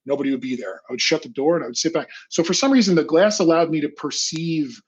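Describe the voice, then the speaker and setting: A man's voice: on the high side, fast, slightly rough. A man casually telling a personal story in an interview, full of fillers like "like" and "you know," sometimes acting out his past self.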